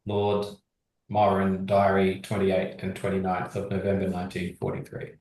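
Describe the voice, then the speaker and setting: A man teaching history revision, reading exam sources aloud at a steady pace and discussing them. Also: low-pitched, normal speed, distant mic, a little hiss or hum. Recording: very echoey, from across the room.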